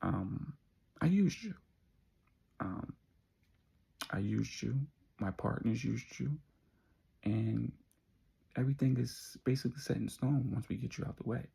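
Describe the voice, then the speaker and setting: A man voicing a treacherous male lover who speaks calmly, in a husky, gravelly voice. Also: mid-range voice, unhurried, long pauses, heavily acted. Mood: cold.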